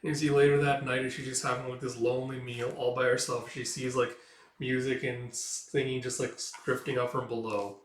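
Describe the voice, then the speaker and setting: A man's voice: mid-range voice, little pitch movement, fairly quick. A man casually retelling a comic as a reader, rambling with lots of fillers. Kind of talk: casual comic read-through. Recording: roomy echo, mic far off.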